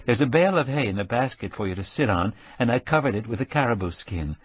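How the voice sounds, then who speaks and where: A man voicing an eager, excited young woman who drives a dog sled, chattering brightly. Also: mid-range voice, fast talker, breathy edge, no room sound. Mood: delighted.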